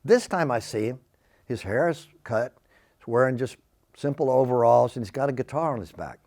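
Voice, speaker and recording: Older man, mid-pitched, animated testimony storyteller who acts out his quotes. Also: moderate pace. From Texas, USA. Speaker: Christian testimony speaker.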